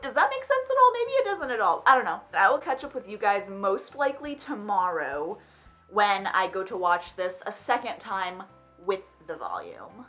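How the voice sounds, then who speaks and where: A woman's voice: mid-range voice, a bit bright. A young woman vlogging her reaction to a film, talking casually, exclaiming and asking questions aloud as she watches.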